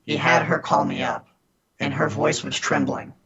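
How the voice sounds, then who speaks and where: Gravelly-voiced man telling scam stories. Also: a little high, expressive, normal speed, highs cut off, a loud crowd. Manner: earnest, frequent restarts. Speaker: podcast guest, scam baiter. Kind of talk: casual interview storytelling.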